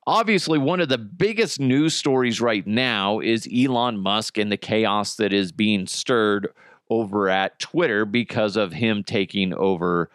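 Casting: man high podcast host, slow and giggly, dry close mic. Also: a bit bright, clean tone, dry recording. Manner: giggly, rambling, swearing. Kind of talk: loose comedy podcast chat.

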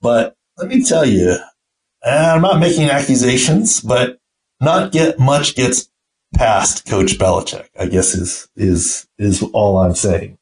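A man's voice: mid-range voice, animated, takes it slowly, low-quality recording. A middle-aged man, a podcast host and team doctor, telling an anecdote in a casual way and acting out the quoted voices. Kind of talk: casual storytelling.

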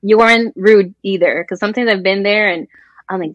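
A Colombian woman, a guest sports journalist, chats in a casual interview in a mid-range voice, talking a little fast. She's an animated storyteller who acts out the voices of the people she quotes. The lo-fi recording has no echo.

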